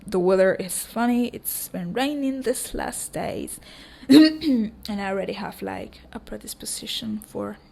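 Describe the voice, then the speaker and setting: A young woman hosting a casual solo podcast, her voice hoarse and cracking, rambling with frequent ums and offering warm affirmations to listeners. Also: medium pitch, expressive, measured pace. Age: young adult. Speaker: podcast host.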